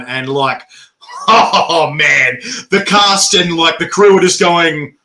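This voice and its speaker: Bright-voiced man telling stories. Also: fairly high pitch, takes it slowly. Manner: animated storytelling, laughs often. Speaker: interviewer. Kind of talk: casual chat.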